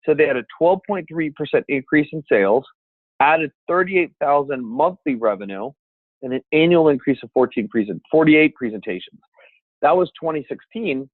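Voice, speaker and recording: A man teaching a seminar on speaking with an energetic, emphatic coaching delivery. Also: on the high side, moderate pace, no room sound. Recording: dry, phone-like sound.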